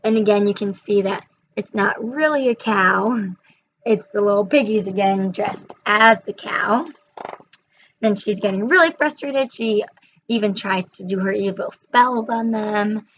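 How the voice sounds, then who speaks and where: A woman's voice: medium pitch, measured pace, a little hiss or hum. A young woman retelling and reviewing a children's book in a chatty way, with frequent fillers, on a slightly muffled recording.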